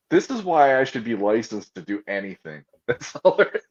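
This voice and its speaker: A man's voice: medium pitch, sing-song, a little slow, highs cut off. A man chatting casually as a podcast co-host, telling rambling, self-mocking stories and laughing often. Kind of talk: casual chat.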